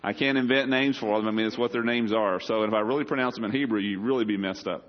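A man's voice: on the low side, fast, highs cut off. A man preaching a sermon as a pastor, talking in a conversational way with joking asides to the congregation.

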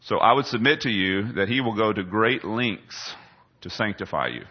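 A man's voice: on the low side, normal speed, slightly rough. A middle-aged man preaching a sermon in a conversational way, putting questions to the congregation. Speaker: pastor. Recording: dull lo-fi sound.

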